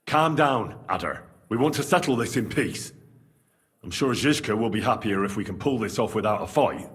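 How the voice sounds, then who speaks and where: A man voicing a calm, persuasive rebel leader who urges peace in a game cutscene, heard from a distance. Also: on the low side, moderate pace, natural voice. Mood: persuading.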